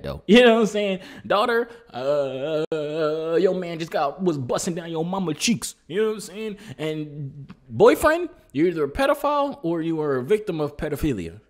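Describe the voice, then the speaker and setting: Lively young man reacting to a clip. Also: a little high. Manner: animated, slangy, bursts into loud exclamations. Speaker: reaction video host. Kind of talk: casual reaction commentary.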